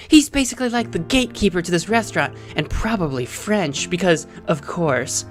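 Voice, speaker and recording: A young man casually commenting on a dating sim game, jokey and rambling, with quick self-corrections. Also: sits high, animated, soft background music. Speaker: let's play host.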